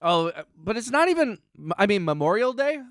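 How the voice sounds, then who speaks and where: Smooth-voiced joking male streamer. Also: high voice, very animated, fairly quick, fairly bright tone, no echo, clean studio sound. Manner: joking, sarcastic, reads chat aloud. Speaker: livestream host. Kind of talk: casual livestream chat. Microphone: close mic on stream.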